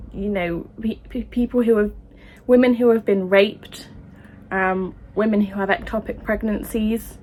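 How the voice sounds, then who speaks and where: An emotional woman vlogger speaking straight to her viewers. She talks in an impassioned, halting way, stumbling over restarts and filling pauses with ums as she works herself up. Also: medium pitch, slight background noise. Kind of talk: opinion vlog to camera.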